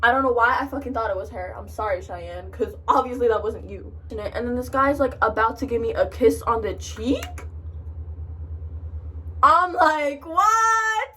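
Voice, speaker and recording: A woman's voice: fairly high pitch, brisk, few pauses, recorded from a distance. Young woman swearing through a storytime. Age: young adult. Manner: profane, animated storytelling. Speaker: vlogger. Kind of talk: storytime while doing makeup. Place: in front of a mirror, doing makeup. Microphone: camera a short distance away.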